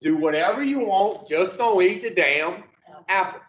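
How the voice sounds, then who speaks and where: A blunt, plain-spoken God lays down the rules in a folksy story, as a man puts him on. The voice is fairly high and slow, heard in an echoey room. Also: expressive, highs cut off. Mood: stern. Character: stern commanding male God.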